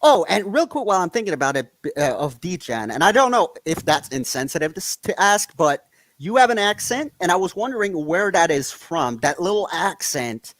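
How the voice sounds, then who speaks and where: French Canadian man, slightly high voice. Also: very animated, normal speed, a bit bright, dry recording. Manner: chatty, rambling, laughs often. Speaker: podcast host. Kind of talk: casual live-stream chat.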